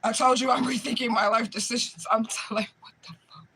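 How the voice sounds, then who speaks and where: A young man telling a profane, animated story in casual chat, often laughing as he retells it. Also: very high-pitched, fairly quick, slightly rough. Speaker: spiritual medium livestream host.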